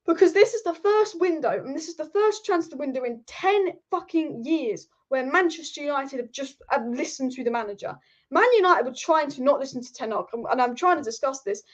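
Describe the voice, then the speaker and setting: A woman with a high voice hosts a live football stream. She talks with animated energy, reads viewer comments aloud and swears now and then. The audio is slightly dull and lo-fi. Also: a little fast. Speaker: football channel host.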